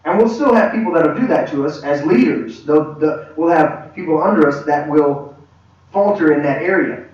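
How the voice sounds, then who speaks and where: A man teaching a church leadership class in a conversational, halting way, with many restarts. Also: a little high. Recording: echoey room, far from mic, dull.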